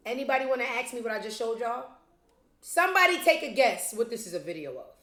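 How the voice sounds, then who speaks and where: A woman's voice: a little high, expressive, fast, fairly bright tone, a little hiss or hum. Blunt, sarcastic woman host in an echoey room. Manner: blunt, profane and sarcastic, talks straight to viewers. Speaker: show host. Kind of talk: casual commentary vlog.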